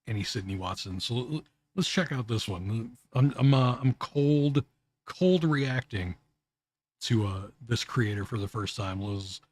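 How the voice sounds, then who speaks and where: A man streaming casual reaction commentary, halting and often restarting his words with little chuckles. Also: mid-range voice, dry recording.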